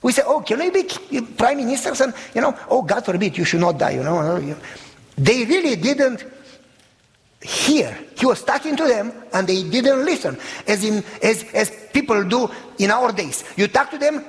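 A pastor preaching an emphatic sermon, often asking the congregation questions and rising to shouts. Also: male voice, sits high, big-room sound, low-quality recording.

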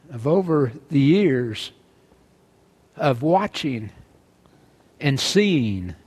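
A man preaching a sermon, earnestly reading scripture aloud and driving his points home with emphasis. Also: on the high side.

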